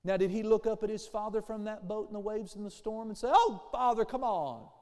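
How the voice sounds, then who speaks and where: A man preaching a sermon with a high, mellow voice. He calls for amens and slips into the voices of the people he quotes. His words ring out into a hall with a long tail of reverb. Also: little pitch movement, fast, clear, resonant tone. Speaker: pastor.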